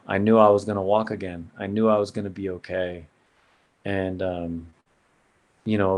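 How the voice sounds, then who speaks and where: A man sharing an earnest personal story as a podcast guest, in a casual way with lots of "man" and "bro". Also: low-pitched.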